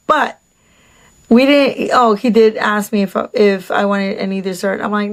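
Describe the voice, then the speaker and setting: A woman's voice: mid-range voice, unhurried, long pauses. Chatty, sarcastic woman telling a story. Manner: chatty, sarcastic, full of fillers and asides. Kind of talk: casual storytime vlog.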